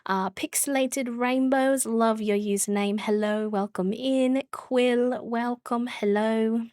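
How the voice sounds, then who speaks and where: A woman streamer putting on a deliberately bad British accent while greeting viewers in a bubbly way, laughing often. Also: on the high side, fairly even intonation, warm tone, dry recording, clean studio sound.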